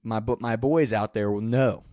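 A man's voice: fairly low pitch, fairly even intonation, moderate pace, dark tone, dry recording, studio quality. A man telling a candid, profane story in a casual way, often laughing as he goes. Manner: laughs through his own story.

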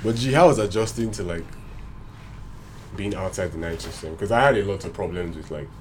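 A man's voice: deep voice, a little fast, slight background noise. A young man from Nigeria, co-hosting a podcast in casual, joking chat full of profanity. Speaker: podcast co-host.

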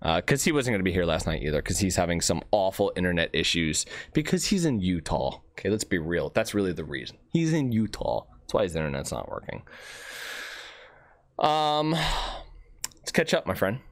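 A man hosting a casual podcast, rambling in an animated, self-joking way while nursing an aching tooth. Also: sits low, moderate pace, no echo. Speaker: podcast host.

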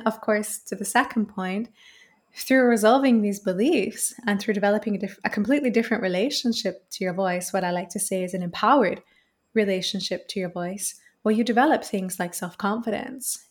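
An earnest woman talks at length as an interview guest, in a voice of middling pitch. She builds her points through repeated phrases and a steady, flowing delivery. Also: fairly quick. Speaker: voice coach guest. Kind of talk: reflective interview answer.

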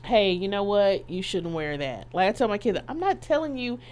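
A woman's voice: mid-range voice, very animated, moderate pace, darkish tone. A middle-aged woman telling a personal story as an interview guest, acting out the quoted voices and laughing as she goes.

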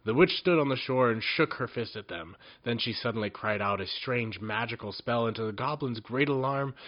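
A man reading a children's story aloud with a lively, swooping pitch and a sing-song lilt that keeps the tale moving. The recording is dull and lo-fi, with the top end muffled. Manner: expressive, sing-song delivery.

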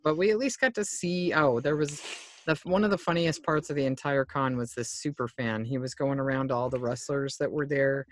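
A man's voice: medium pitch, brisk, a little hiss or hum. A man co-hosting a podcast, chatting casually in a rambling way and laughing often. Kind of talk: casual chat.

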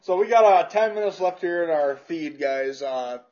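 A man's voice: on the high side, expressive, normal speed, a little mellow, dull audio. A man hosting a podcast, laid-back and casually profane as he wraps up the show. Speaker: podcast host. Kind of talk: casual chat.

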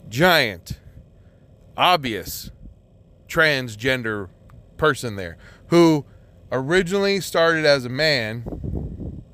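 A podcast host talks alone in a casual show, rambling, swearing a lot and often restarting sentences with many filler words. His mid-range voice is bright and forceful, with a clean tone.

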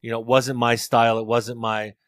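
A man's voice: medium pitch, level tone, brisk, a bit bright, no echo. Earnest middle-aged man, dry close mic. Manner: earnest, storytelling, repeats words as he thinks. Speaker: therapist and author. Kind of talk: reflective interview talk.

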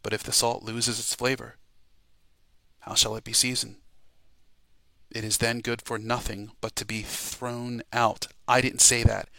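A man's voice: mid-range voice, level tone, unhurried, vocal fry, pauses often, sharp tone, dry recording. A man preaching an urgent warning sermon, repeating himself and exhorting listeners to repent. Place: home, podcast voice message.

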